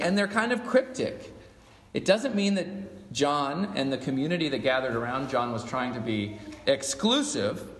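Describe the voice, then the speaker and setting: A man's voice: fairly high pitch, a bit bright. Man preaching in an echoey hall. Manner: emphatic, asks the congregation questions. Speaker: pastor. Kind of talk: sermon. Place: church sanctuary. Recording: echoey church hall with long reverb.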